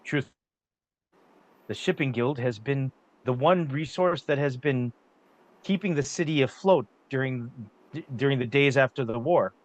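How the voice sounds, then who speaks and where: A man's voice: mid-range voice, a little slow, pauses often, muffled recording, natural voice. A man voicing an uneasy male banker who speaks hesitantly. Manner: reluctant, hesitant admission. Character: uneasy male banking guild member.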